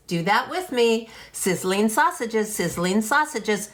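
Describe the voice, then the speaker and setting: A woman teaching a kindergarten phonics lesson, speaking clearly and encouragingly and drawing out the sounds. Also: mid-range voice, lively intonation, takes it slowly, few pauses, fairly bright tone. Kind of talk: phonics lesson for young children.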